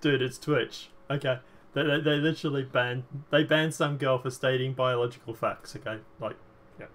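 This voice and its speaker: A man's voice: medium pitch, fairly even intonation, moderate pace, a bit bright. Hesitant male streamer at his keyboard. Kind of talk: casual chat while streaming.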